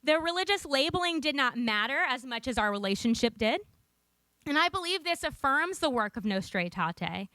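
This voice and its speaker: A woman's voice: high voice, sing-song, moderate pace, bright, forceful tone, no room sound. A young woman giving a prepared conference talk into a podium microphone, earnest and lightly humorous as she tells a personal story. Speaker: conference speaker. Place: conference room.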